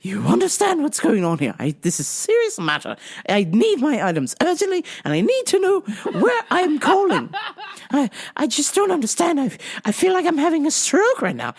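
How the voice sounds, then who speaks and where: A woman putting on a shrill, haughty darling-dropping customer. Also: wildly swooping pitch, moderate pace, full character voice. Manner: high, shrill, fussy, calls everyone darling. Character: haughty older woman customer with a phony English accent.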